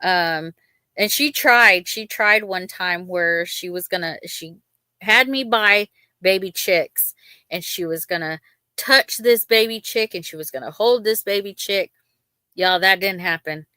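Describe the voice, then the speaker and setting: A woman's voice: medium pitch, measured pace, sharp tone, clear, resonant tone, no room sound. A woman hosting a casual livestream, rambling with lots of ums and talking openly about her feelings. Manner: rambling, many ums, emotional but chatty. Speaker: livestream host. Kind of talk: casual live-stream chat.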